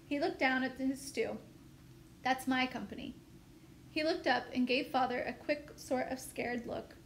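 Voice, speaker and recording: A woman teacher reading a novel aloud with steady, expressive storytelling. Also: high voice, normal speed. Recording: echoey room, faint noise.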